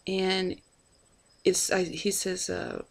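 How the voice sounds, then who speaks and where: A woman's voice: lowish voice, little pitch movement, takes it slowly, creaky. A woman casually telling a personal travel story, chatty and full of fillers as she acts out bits of dialogue.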